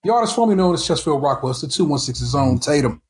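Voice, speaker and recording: A man's voice: fairly high pitch, lively intonation, rapid-fire. A man hosting a casual podcast chat, ranting with heated, profane frustration and stumbling restarts. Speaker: podcast host.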